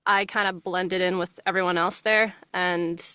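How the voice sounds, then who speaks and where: A woman's voice: lowish voice, fairly even intonation, normal speed, sharp tone, clean tone, no room sound, clean studio sound. Friendly woman with a faint Jersey lilt. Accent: subtle New Jersey. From New Jersey. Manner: friendly, laughs often. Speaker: voice actress guest. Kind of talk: casual interview chat. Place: home closet studio.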